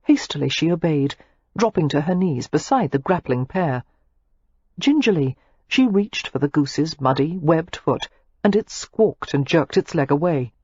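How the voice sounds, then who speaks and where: Brief: low, husky female audiobook narrator, animated delivery, dull dry sound. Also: no echo. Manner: expressive, measured storytelling. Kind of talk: scripted romance narration.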